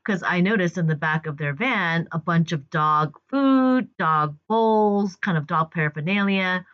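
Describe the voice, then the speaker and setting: A woman with a fairly low voice tells a personal story in a chatty, rambling way, full of fillers. She acts out the dialogue as she goes. The recording sounds dull and lo-fi. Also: expressive, measured pace. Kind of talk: personal story told to camera.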